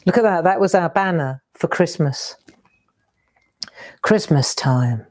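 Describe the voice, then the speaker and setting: Chatty woman with a lively voice. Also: lowish voice, slow. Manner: chatty, exclaims over old keepsakes. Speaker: craft show host. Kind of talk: casual live-stream chat.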